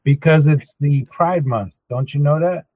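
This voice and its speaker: A man's voice: on the high side, measured pace, darkish tone, husky, no echo, highs cut off. A man who is a regular on a talk show, explaining earnestly in casual chat.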